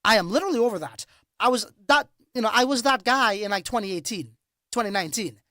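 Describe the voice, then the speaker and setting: A man hosts a casual livestream and talks straight to his viewers. His voice sits fairly high for a man, and he tells stories in an animated, profane way. The sound is dry and close, with no room echo. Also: quick pace. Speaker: crypto livestream host.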